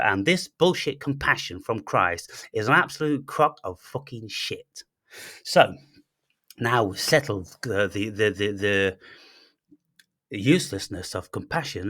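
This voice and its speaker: A man's voice: lowish voice, fairly bright tone, dry recording, studio quality. A man hosting a blunt, profane monologue, full of fillers and restarts. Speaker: channel host. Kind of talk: ranting monologue.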